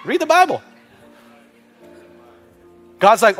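A man's voice: high voice, moderate pace, faint music behind. A man preaching a sermon as pastor, joking with the congregation, calling for amens and leading a prayer. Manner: animated preaching with humor and call-and-response. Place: church with several campuses, also streamed online.

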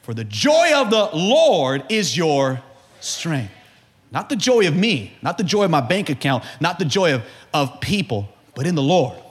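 A male pastor preaching a sermon in an animated way that builds to shouting. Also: a little high, a little slow.

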